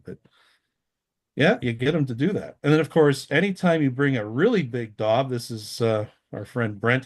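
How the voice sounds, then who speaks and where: A man's voice: mid-range voice, no echo. A man giving a casual, rambling talk over a slideshow of photos, with frequent restarts. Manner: rambling, many restarts, easygoing. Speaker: guest astronomer.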